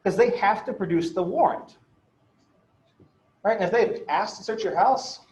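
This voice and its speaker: This casual law lecture comes from a man with a high, slightly mellow voice at a moderate pace. Chatty and filler-heavy, he tells stories, swears a bit and keeps asking his students "right?", all heard through dull, echoey classroom audio.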